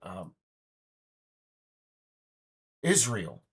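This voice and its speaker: A man's voice: on the low side, big pitch swings, slow pace, a bit bright, breathy edge. A man in his fifties speaking in a casual, indignant, rambling monologue full of restarts. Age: 50s. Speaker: game developer vlogger.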